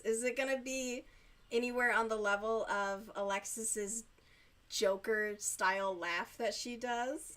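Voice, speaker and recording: A woman streamer chatting casually while she crochets, giggly, youthful-sounding and quick to swear. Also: medium pitch, fairly bright tone.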